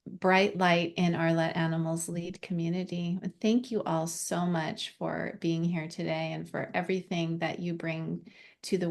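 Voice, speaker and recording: Earnest lady founder on a video call, lowish gravelly voice, very grateful. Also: a little mellow. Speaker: founder and teacher of an animal healing method. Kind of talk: heartfelt thank-you speech.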